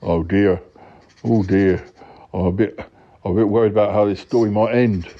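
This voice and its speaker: A man's voice: on the low side, steady tone, moderate pace, close to an everyday voice. A man voicing a fretful, prim grown-up who is being told a bedtime story and keeps objecting to it. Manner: fussy, easily alarmed, prim objections. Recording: dull lo-fi recording.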